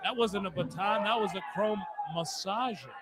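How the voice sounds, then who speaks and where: A man's voice: sits high, normal speed, very noisy. A man adding dry, mock-formal quips as a comic wrestling co-commentator.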